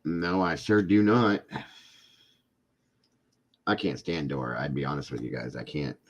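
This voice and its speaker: A man's voice: sits low, sing-song, slow, long pauses, a bit bright, dull audio. A middle-aged man hosting a casual live stream, chatting with viewers and often breaking into laughing fits. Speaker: livestream host chatting with viewers.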